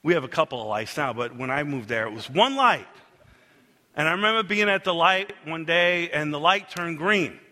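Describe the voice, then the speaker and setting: A middle-aged man preaching with a bright, lively voice that rises and falls as he tells stories. He acts out the lines of the people in them. His voice rings through a large hall with a long reverb. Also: fairly high pitch, normal speed. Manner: animated storytelling, acts out quotes. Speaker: pastor. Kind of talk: sermon with personal stories.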